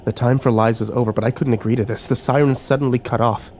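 A man narrating a first-person audiobook in a steady, measured way. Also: medium pitch, slight background noise. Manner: steady, measured storytelling with lively intonation.

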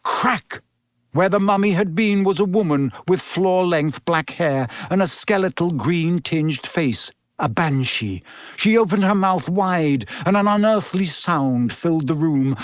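A man's voice: on the high side, dry recording, studio quality. A man reading a story aloud as scripted narration, delivering it expressively and slipping into voices for the characters.

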